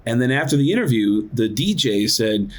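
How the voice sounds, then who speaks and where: A male comedian and impressionist, a podcast guest, telling a story casually and acting out other people's voices. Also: moderate pace. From United States. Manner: animated, acts out voices with big pitch jumps; casual, lots of "like" and "dude". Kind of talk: storytelling in an interview.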